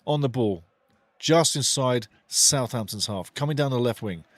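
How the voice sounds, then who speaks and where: A man's voice: medium pitch, moderate pace, no echo. A man giving passionate, opinionated live fan commentary on a football match, calling the play in short clipped phrases and speaking bluntly, with some swearing. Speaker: watch-along football commentator.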